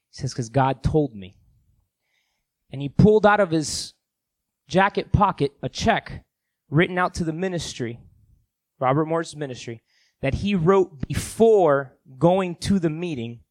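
A man preaching a sermon, telling a story with animated delivery that swings from loud emphasis to hushed asides and acts out the people in it. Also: fairly high pitch. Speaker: pastor.

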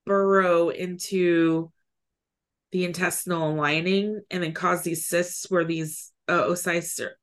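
A woman's voice: on the low side, fairly even intonation, slow pace. A woman co-hosting an educational podcast in casual chat, reading notes aloud with giggly asides. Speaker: podcast co-host.

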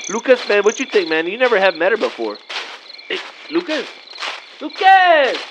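This thirtysomething guy riffs through an improvised comedy bit in a lazy slacker drawl, peppering everything with "man" and "vato." He talks brisk and sing-song in a high voice. Faint nighttime noise hangs over the dull, lo-fi audio.

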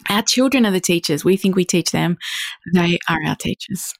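A woman with a deep voice and a gravelly edge talks through parenting ideas in an interview. She is reflective and builds each point from long everyday examples. The sound is close and dry. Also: normal speed, no room sound. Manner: acts out quoted thoughts in her own voice. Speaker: parenting coach. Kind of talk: podcast interview.

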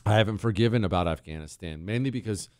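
A man's voice: on the low side, fast, no room sound, studio quality. A man hosting a talk radio show, mocking and opinionated, reading ads and reacting to clips. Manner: sarcastic, mocking, animated.

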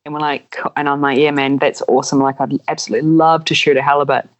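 A man, a podcast guest telling animated stories and acting out voices in them. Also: a little high, quick pace, low-quality recording. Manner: animated, acts out voices in anecdotes. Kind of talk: casual storytelling.

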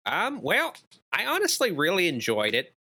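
A man's voice: high-pitched, wildly swooping pitch, moderate pace, pushed and bright, slightly rough. A man chatting casually about a movie on a podcast, rambling and hedging with many fillers. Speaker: podcast co-host.

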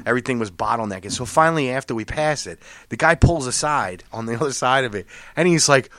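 A man telling a long, profane driving story in casual chat, quoting other drivers in a louder, higher voice. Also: animated, fast, no echo, clean studio sound. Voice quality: gets loud and high when quoting other drivers.

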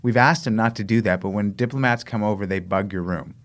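An American man, a guest runner, telling stories in a casual interview, animated and laughing, acting out the voices of people in his stories. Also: lowish voice, brisk. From United States. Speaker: guest, long-distance runner.

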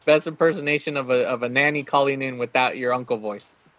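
A man's voice: mid-range voice, fairly even intonation, fairly quick, a bit bright, dry recording. A man hosting a podcast from home, talking casually and laughing often. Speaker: podcast host. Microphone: remote podcast mic at home.

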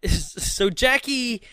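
A man co-hosting a casual podcast, recapping a film in a jokey, animated way. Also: extremely high pitch, very slow, clear, resonant tone, no room sound, studio quality. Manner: animated, jokey, laughs often. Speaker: podcast co-host. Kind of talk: casual movie recap chat.

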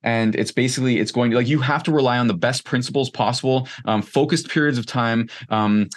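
A man's voice: medium pitch, a little fast. A man in his thirties, a podcast guest, talking in a casual, candid and rambling way, with lots of "like" and the odd swear word. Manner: candid, rambling, heavy use of "like", occasional swearing. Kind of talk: casual conversation.

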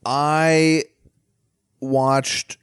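A man's voice: on the high side, little pitch movement, drawn-out words, clean tone, no echo, studio quality. A man co-hosting a podcast, chatting casually and animatedly about movies and swearing freely. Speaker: podcast co-host.

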